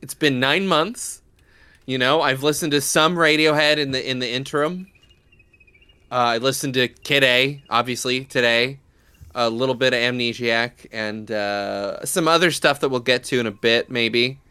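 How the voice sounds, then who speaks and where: A man's voice: medium pitch, steady tone, normal speed, pushed and bright, smooth, no room sound. A man co-hosting a podcast, joking and rambling in casual comedic chat. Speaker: podcast co-host.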